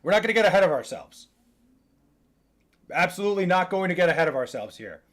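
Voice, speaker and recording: Young male streamer, slightly higher voice, cursing and venting casually to chat. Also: very animated, fast. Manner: frustrated, profane, restarts a lot. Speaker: livestreamer. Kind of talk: casual live chat reacting to comments.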